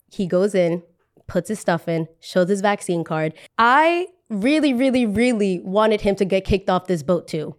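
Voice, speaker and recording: A young woman from New Jersey, a podcast host telling a dramatic story with lively quoted voices. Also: mid-range voice.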